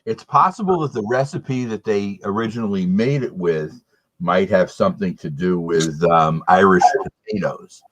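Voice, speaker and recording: A man co-hosting a casual beer tasting chat, explaining things in a measured way with filler pauses. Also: low voice, fairly bright tone. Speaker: beer reviewer co-host.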